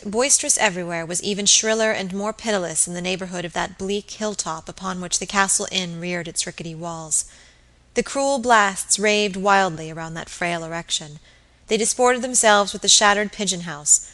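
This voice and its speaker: A woman narrating a classic novel in a measured, expressive reading. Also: medium pitch, rough recording. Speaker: audiobook narrator.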